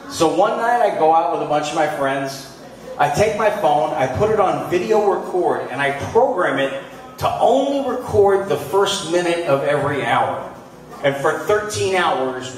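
A man doing a live stand-up set on stage before an audience, animated and breaking into loud outbursts. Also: a little high. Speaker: stand-up comedian. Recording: echoey room, mic from far off.

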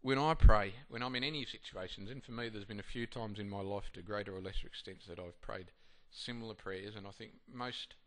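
A preacher with a somewhat low, slightly bright voice reads Bible passages during a sermon, speaking briskly with few pauses. He then reflects on them conversationally and hesitantly, with many fillers and restarts.

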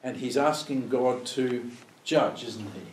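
A man teaching an informal Bible study, thinking out loud and tossing rhetorical questions at his listeners. He slips into acted-out quotes of prayers now and then. His voice carries through a roomy, echoing space, picked up from some distance with a faint hum of ambience. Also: mid-range voice, slow pace.

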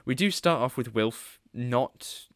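A man's voice: mid-range voice, takes it slowly, no echo, clean studio sound. A British man hosting a podcast in casual chat, laughing often and restarting his sentences. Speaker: podcast host.

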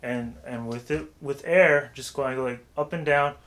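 A man giving a casual vocal warm-up tutorial, talking loosely with lots of filler phrases. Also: medium pitch, a little slow, a little hiss or hum. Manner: loose and chatty, heavy with "like" and "you know what I'm saying".

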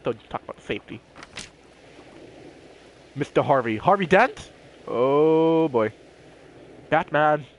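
A man's voice: a little high, lively intonation, takes it slowly, long pauses, lo-fi sound, a little hiss or hum. A man giving casual let's-play commentary, playful and jokey, talking to himself as he explores. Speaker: gameplay commentator.

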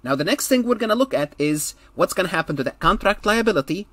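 A man's voice: high voice, expressive, fast talker, bright, forceful tone, no echo. Male accounting lecturer, dry close sound, repeats and restates as he walks through an example. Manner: explains step by step, repeats key points, frequent restarts. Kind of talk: recorded lecture.

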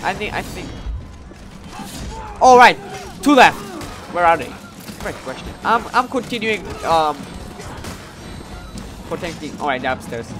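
Male gamer, gameplay commentary, animated up-and-down voice, excitable, swears a lot, faint game music behind. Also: high voice, unhurried, pauses often. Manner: excitable, swears, loudly frustrated during matches; calmer and hesitant when reflecting after the match.

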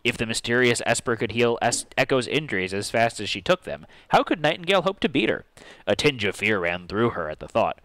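Brief: jokey male game master, lively delivery, dry close mic. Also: mid-range voice, a little fast, dry recording. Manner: animated, jokey reader. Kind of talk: reading story text aloud for a board game stream.

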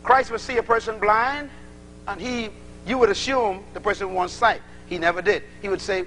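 A man's voice: sits high, normal speed, slight background noise, rough recording. A man preaching a sermon to a congregation, acting out little dialogues as he teaches. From Bahamas. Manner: animated, acts out little dialogues.

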